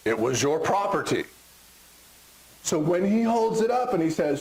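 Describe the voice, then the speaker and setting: Middle-aged Texan man, pastor mid-sermon in church; animated, joking, does crowd voices, high and lively. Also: a little slow, slight background noise, rough recording. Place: church sanctuary.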